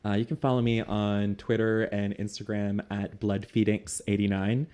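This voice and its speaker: A man's voice: fairly low pitch, level tone, moderate pace, a little mellow. Chatty Canadian man who laughs a lot. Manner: chatty, laughs often, rambling. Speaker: game master and show host. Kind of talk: casual chat.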